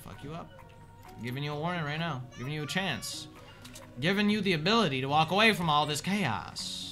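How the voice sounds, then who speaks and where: A young man streaming live, chatting with his viewers in a joking, sarcastic way and swearing often as he swings between mutters and shouts. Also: on the high side, lively intonation, a little fast. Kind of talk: casual live-stream chat, answering viewers. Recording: game stream with clear background music.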